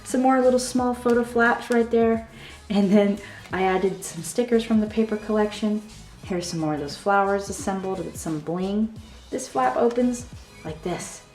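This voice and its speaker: A woman hosting a craft tutorial, walking through her handmade album with excited, gushing talk and a frequent "okay?". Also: medium pitch, moderate pace. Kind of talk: enthusiastic product walkthrough. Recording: echoey room with soft background music.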